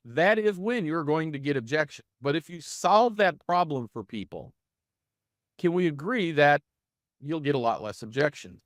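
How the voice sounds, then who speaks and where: A middle-aged man coaches real estate agents in a live online training session, energetic and loaded with rhetorical questions for his audience. His voice is on the high side, and the recording is dry with clean studio sound.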